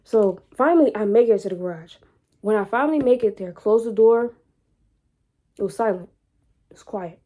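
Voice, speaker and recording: A woman's voice: medium pitch, normal speed, pauses often, dark tone. A young adult woman vlogging, telling a personal story in an informal, candid way and repeating phrases for emphasis.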